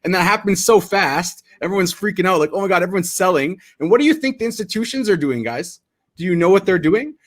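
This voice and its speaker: Animated, slightly high-voiced male trader. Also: a little fast. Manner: animated, acts out market reactions, restarts often. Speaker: crypto trader. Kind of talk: casual explanatory chat over charts.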